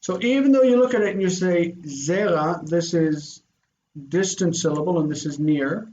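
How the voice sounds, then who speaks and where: A man teaching a Biblical Hebrew grammar lesson, explaining patiently and slowing down to spell out word forms. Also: a little high, darkish tone, highs cut off.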